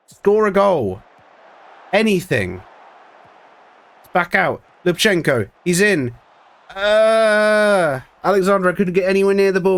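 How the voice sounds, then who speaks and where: A man's voice: high voice, no room sound. A man giving ranting, sweary commentary on a football management game, exasperated with his team. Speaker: streamer.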